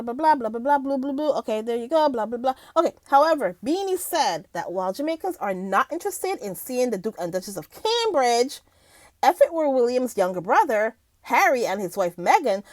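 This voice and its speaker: A woman vlogger talks straight to her viewers, reading news aloud in a casual, chatty way and stumbling over words now and then. Her voice sits high and swings up and down. The sound is dry and close, with no room in it. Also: darkish tone, no echo. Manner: laughs often, reads aloud with stumbles and restarts; chatty, addresses viewers as guys. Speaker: commentary vlogger.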